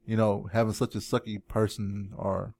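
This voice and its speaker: A man's voice: on the low side, flat delivery, normal speed, vocal fry, darkish tone. Playful, teasing man co-hosting a podcast. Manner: playful, teasing, repeats jokes. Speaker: podcast co-host. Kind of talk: casual chat.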